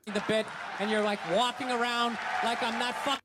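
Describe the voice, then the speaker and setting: A man's voice: very high voice, little pitch movement, brisk, heavy background noise. A man doing a stand-up comedy set on stage, telling profane, ranting stories to a live audience.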